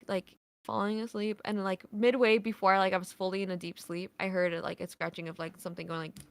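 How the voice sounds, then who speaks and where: A woman's voice: medium pitch, level tone, quick pace, smooth. A woman, a podcast guest, telling a casual story in a rambling way, full of "like" fillers and swearing.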